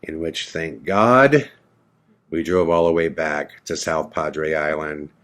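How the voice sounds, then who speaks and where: A man's voice: extremely low pitch, slow, fairly bright tone. A man hosting a podcast, telling a personal story in a dramatic way and acting out the lines of the people in it. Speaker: podcast host.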